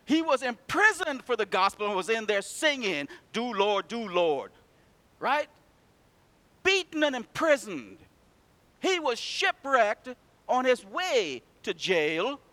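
A man preaching a sermon in church, telling stories and calling out to the congregation, swinging from loud to hushed. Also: very high voice, big pitch swings, measured pace.

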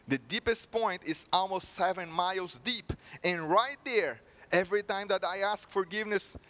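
A man's voice: high voice, sharp tone. A man voicing an enthusiastic, devout older uncle who eagerly explains something he read.

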